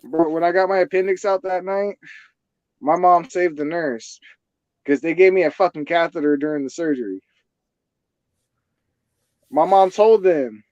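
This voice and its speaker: Young man, high-pitched voice, crude animated storyteller, dull dry recording. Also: moderate pace, long pauses, dry recording. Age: young adult. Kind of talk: casual podcast chat.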